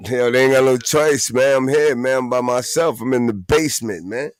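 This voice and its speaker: A man hosts a live show alone in his basement and chats in a laid-back, slangy way, often laughing. His voice is mid-pitched, and the sound is dry and close. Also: normal speed, no echo. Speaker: host. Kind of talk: casual live-stream chat.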